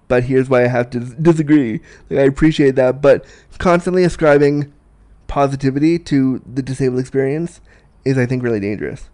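A man's voice: medium pitch, a little mellow. Frank, joking man in casual chat. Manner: frank, joking, laughs often. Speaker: disability sex educator.

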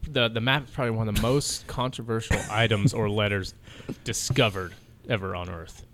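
A man's voice: on the low side, fairly even intonation, brisk, fairly bright tone, slight background noise. A man hosting a podcast, reading from his notes in a loose, joking way with laughs and swearing. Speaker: podcast host. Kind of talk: casual chat, reading notes.

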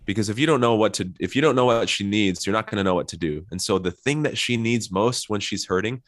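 A middle-aged man with a very low voice talks as an interview guest. He is a couples therapist and explains his advice earnestly, step by step, with worked examples. The sound is dry and close, with no room around it. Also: fast talker, fairly bright tone, no echo.

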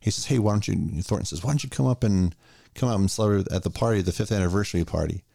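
A man with a very low, gravelly voice walks through a movie's plot in casual podcast chat. His tone is dark and mellow, recorded dry and close. He jumps into the characters' lines as he retells the scenes. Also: fast, no echo. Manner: animated retelling, acting out lines. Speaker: podcast co-host.

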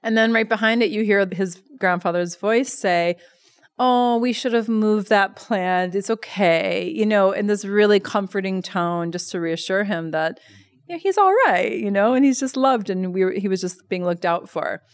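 A woman guest on an interview, an educator who tells stories in a lively, animated way with many fillers. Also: mid-range voice, moderate pace. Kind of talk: conversational interview.

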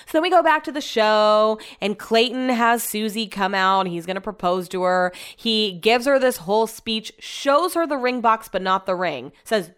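A woman's voice: medium pitch, expressive, moderate pace, few pauses, smooth. A woman hosting a podcast, recapping a reality show in casual chat, blunt and sarcastic, swearing freely. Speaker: podcast host.

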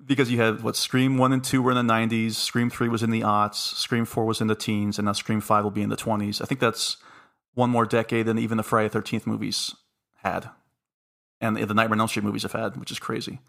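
Male podcast host with a gravelly low voice, musing and laughing his way through casual chat. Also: little pitch movement, brisk, fairly bright tone. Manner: musing, laughs between points.

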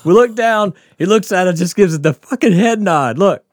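A man's voice: high-pitched, animated, normal speed, no echo, studio quality. A man casually telling a profane, laughing story from his school days on a podcast.

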